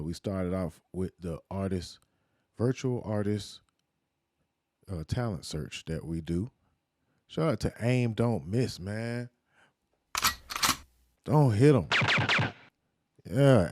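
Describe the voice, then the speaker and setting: A lowish male voice, recorded dry and close, chats easily as he opens his podcast. He rambles loosely, with plenty of fillers and slang. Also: dark tone, no echo. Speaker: podcast host. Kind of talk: casual podcast chat.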